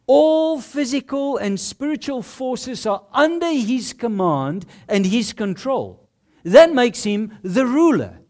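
Slow, expressive preacher's sermon voice. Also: mid-range voice. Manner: emphatic, rhetorical questions; measured, punchy short phrases.

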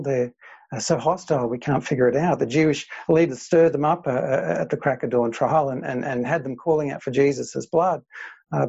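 A man's voice: a little high, vocal fry, mellow, husky, dull audio. A man preaching a sermon, earnest, with frequent fillers and repeated phrases. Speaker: pastor.

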